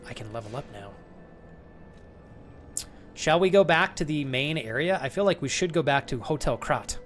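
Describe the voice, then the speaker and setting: A man's voice: fairly high pitch, animated, normal speed, soft background music. A man streaming a game live, chatting with his viewers, joking, and reading the game text aloud. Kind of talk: live gameplay commentary.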